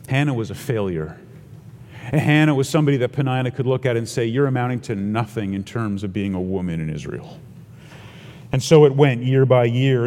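A man's voice: mid-range voice, darkish tone. Earnest male preacher in a reverberant hall. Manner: earnest expository preaching with rhetorical questions. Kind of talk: sermon.

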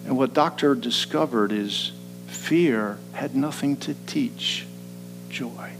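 A male pastor delivering a sermon at a middle pitch. He drops to a hushed, slow voice for reflective points, then builds to raised, emphatic preaching. Faint music plays underneath. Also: creaky, low-quality recording.

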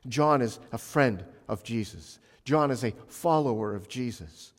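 A male pastor preaching a sermon with emphasis, swinging between loud passages and hushed ones. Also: medium pitch, expressive, a little slow. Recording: long reverb of a large hall.

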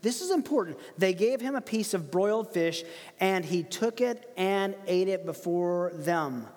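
A man preaching a verse-by-verse sermon, animated and emphatic, laughing often. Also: sits high, measured pace, in a large hall. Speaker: pastor. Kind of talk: expository sermon.

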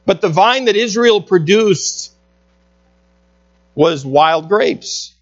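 A man delivering a sermon in an earnest, emphatic way, his voice sitting a little high. He slows to stress his points. The sound is dull and lo-fi. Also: expressive. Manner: earnest preaching with slow emphatic phrasing. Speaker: pastor.

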